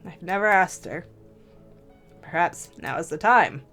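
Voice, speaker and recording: A woman hosting a let's play, reading a visual novel aloud in measured, slow first-person narration. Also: on the low side, lively intonation, a bit bright, soft background music.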